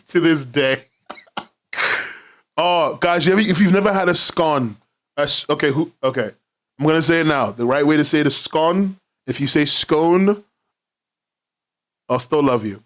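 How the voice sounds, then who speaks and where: A young man streaming from his home in London, rambling casually, laughing often and swearing freely. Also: mid-range voice.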